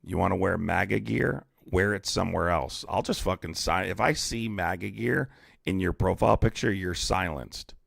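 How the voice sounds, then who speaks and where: A man's voice: low voice, moderate pace, vocal fry, no room sound, studio quality. A man streaming a heated debate, blunt and profane, arguing with callers and reading chat aloud.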